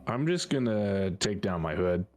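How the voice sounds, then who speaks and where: A man with a very deep voice that swings widely in pitch, playing in a tabletop game. He speaks politely but hesitantly and keeps restarting. Faint music plays behind. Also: animated, measured pace, darkish tone. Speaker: player. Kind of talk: in-character tabletop play.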